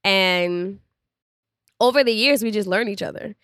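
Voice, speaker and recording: A woman's voice: mid-range voice, a little slow, a bit bright, no room sound, studio quality. Candid, chatty young woman podcaster. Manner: candid, chatty, laughs often. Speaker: podcast co-host. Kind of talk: casual chat.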